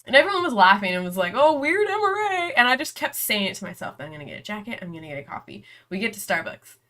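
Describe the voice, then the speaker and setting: A woman's voice: mid-range voice, expressive, racing, bright, forceful tone. A young woman telling a rambling story in casual chat as host of a reading vlog, giggling often and filling her speech with "like" and "um". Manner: chatty and giggly, breaks into laughter often; rambling, with many "like" and "um" fillers. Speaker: book vlogger hosting reading sprints.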